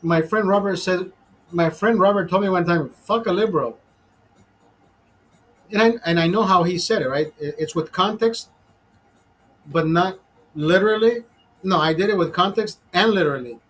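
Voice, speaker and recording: A man from Honduras hosting a casual stream, telling a crude tale with profanity in nearly every line. His voice sits fairly high and sounds husky. He laughs at his own jokes as he goes. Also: moderate pace, a bit bright. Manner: crude, profanity-heavy storytelling, laughs often. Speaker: livestream host. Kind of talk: casual storytelling.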